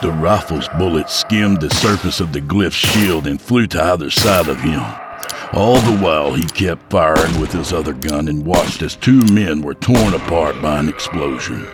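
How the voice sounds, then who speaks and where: A man narrating a dark story in a measured, grave voice. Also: rumbling low, expressive, loud music behind the voice. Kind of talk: dramatic audiobook narration. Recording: gunfire sound effects behind.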